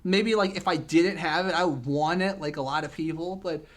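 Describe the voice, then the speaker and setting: A man's voice: fairly high pitch, moderate pace. A young man hosting a casual chat, talkative and self-deprecating, peppering his sentences with "man". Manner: chatty, self-deprecating, says "man" a lot. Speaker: host.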